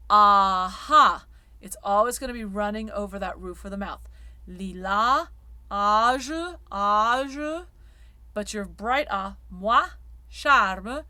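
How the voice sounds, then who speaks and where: A woman teaching sung diction, sounding out vowels and words slowly before explaining quickly. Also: medium pitch, fairly bright tone, dry recording. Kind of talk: spoken diction lesson.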